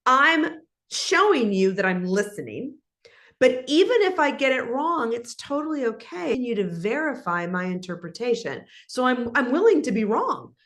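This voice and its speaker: A woman guest in an interview, speaking in an animated, instructive way and acting out example conversations. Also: fairly high pitch, moderate pace.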